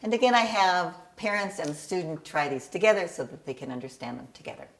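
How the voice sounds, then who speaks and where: A woman's voice: fairly low pitch, animated, fast, gravelly. A woman who tutors bar and bat mitzvah students in cantillation, patiently explaining her teaching method and singing short examples.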